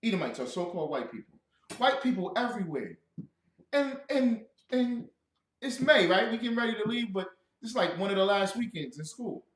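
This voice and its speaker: A man giving a loud, joking scripture lesson who quizzes his listeners. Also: high voice, very animated, moderate pace, echoey room. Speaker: scripture teacher. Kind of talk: animated scripture breakdown.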